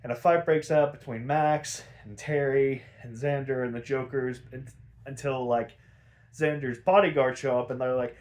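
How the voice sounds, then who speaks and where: A young podcast host recaps a cartoon episode at a moderate pace, his voice in the mid range. His retelling is casual, rambling, and full of swearing, with the characters' lines acted out.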